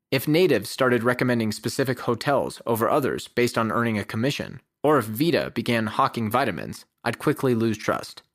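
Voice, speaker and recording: A man reading a prepared essay as the host of a podcast, in a measured, even delivery. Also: mid-range voice, dry recording, clean studio sound. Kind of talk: scripted essay narration.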